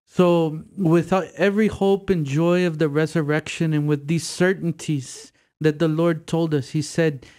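Priest, male, measured and unhurried delivery, slightly high voice, earnest and encouraging in tone. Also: little pitch movement, a little mellow. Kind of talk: reflection in a prayer group.

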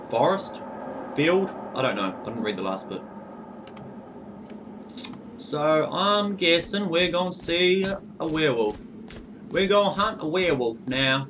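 A man hosting a let's play, cursing and reacting excitably as he plays. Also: fairly high pitch, a little slow, background noise. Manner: profane, excitable running reactions. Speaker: gaming channel host. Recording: distant mic with loud game music. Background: game music.

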